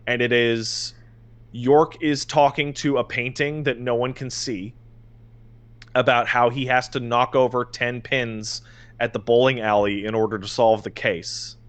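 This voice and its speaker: A man on a podcast rambles through a story, worked up and exasperated. He trips over his own words, restarts sentences and swears freely. His voice sits at an ordinary middle pitch. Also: flat delivery, unhurried. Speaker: podcast co-host. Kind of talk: casual chat.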